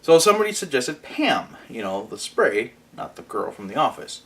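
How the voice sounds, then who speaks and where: A man's voice: mid-range voice, big pitch swings, moderate pace. A young man from Mexico hosting a casual morning vlog, joking and laughing as he talks. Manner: joking, laughs through his lines. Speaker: vlog host.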